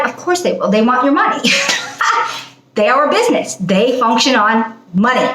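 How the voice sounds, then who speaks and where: A chatty woman talks straight to her viewers in a loose, unscripted monologue, often breaking into laughter. Her voice sits a little high, and it rings around a reverberant room. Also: animated, normal speed, fairly bright tone. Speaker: channel host. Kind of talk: casual spoken monologue.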